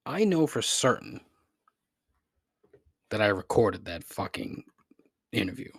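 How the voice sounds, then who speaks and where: A man's voice: fairly low pitch, sing-song, slow, creaky, pauses often, husky, dry recording, studio quality. A man hosting his own podcast, ranting in frustration and laughing at himself as he swears a lot. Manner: frustrated, swearing, self-deprecating with rueful laughs. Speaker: podcast host. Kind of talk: solo podcast rant.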